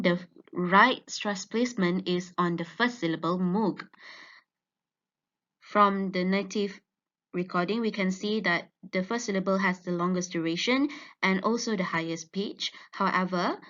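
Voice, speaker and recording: A woman student giving an academic presentation on her research, explaining slowly with frequent ums. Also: mid-range voice, a bit bright. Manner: measured, explanatory with fillers. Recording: dull lo-fi recording.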